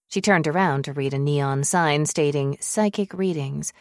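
A woman narrating an audiobook in a measured, even storytelling manner on a close studio mic. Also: deep voice, clear, resonant tone, dry recording. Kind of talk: scripted narration.

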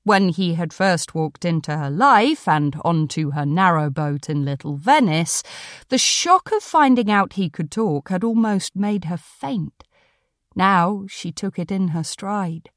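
Slow, lively-voiced woman narrator. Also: fairly low pitch, no echo, studio quality. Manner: measured, storytelling. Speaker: audiobook narrator. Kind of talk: scripted narration.

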